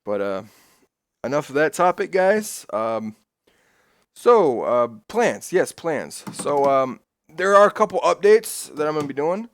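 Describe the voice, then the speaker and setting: Male streamer, casual chat, excitable swearing storyteller, dry mic. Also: fairly high pitch, unhurried, no echo.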